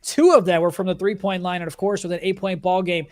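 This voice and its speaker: A man with a high-pitched voice casts an esports basketball final. He talks through the numbers and the defensive choices in an even, analytical sports-commentary way. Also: fast. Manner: analytical, steady play-by-play breakdown.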